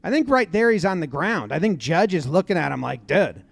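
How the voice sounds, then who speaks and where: A high-pitched man talks through game footage in relaxed commentary. He jumps into loud, animated impressions of the players. The sound is close and dry, with no room echo. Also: brisk, creaky. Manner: animated, acts out players' lines in loud voices. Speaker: commentator breaking down a baseball brawl video. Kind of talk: casual play-by-play commentary.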